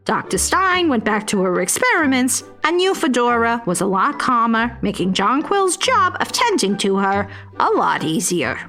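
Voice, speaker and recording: A woman narrating a children's fairy tale in a playful, expressive voice, now and then dropping to a whisper for suspense. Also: fairly high pitch. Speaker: storyteller playing the fairy narrator. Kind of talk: scripted children's story narration.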